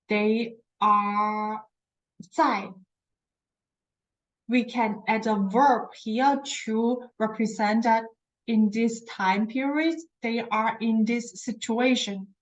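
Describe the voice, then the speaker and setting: A woman's voice: medium pitch, lo-fi sound. A woman teaching a language lesson who explains patiently, repeats words for practice and often corrects herself mid-sentence. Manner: self-correcting, searches for words.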